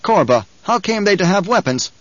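A male narrator voicing a stern young duke who gives commanding, shouted orders. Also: sits high, very animated, normal speed, dry recording, lo-fi sound, pitched above the performer's own voice.

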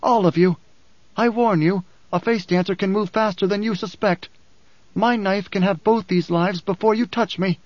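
A man's voice: high-pitched, steady tone, normal speed, no room sound, highs cut off, voice pushed up, natural voice. Man putting on a gloating shapeshifter, stolen woman's body, raised voice, sly bargaining, audiobook. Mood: threatening.

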